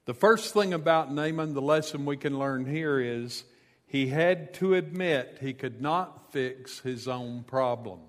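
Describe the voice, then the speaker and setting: A man's voice: medium pitch, unhurried, in a large hall. A man preaching a sermon, retelling a scripture story in a conversational way with casual asides. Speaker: pastor.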